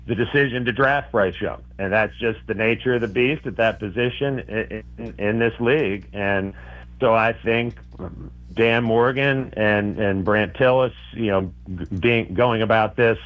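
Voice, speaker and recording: A man's voice: on the low side, measured pace. Male sports reporter guest, thoughtful, restarts a lot, dull lo-fi line. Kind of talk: sports radio interview.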